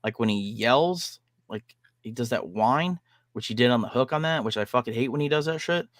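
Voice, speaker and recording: A man's voice: medium pitch, animated, normal speed, a bit bright, dry recording, clean studio sound. A man hosting a podcast, chatting casually about a record he just heard, rambling with many fillers and frank swearing. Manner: rambling, lots of "like" and "um". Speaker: podcast host. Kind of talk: casual music review chat.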